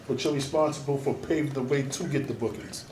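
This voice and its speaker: A man's voice: mid-range voice, fairly quick. Blunt streetwise man, roomy sound. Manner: blunt, streetwise, profane, emphatic. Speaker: artist and DJ manager, guest. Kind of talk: casual interview talk. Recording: roomy, noisy, mic at a distance.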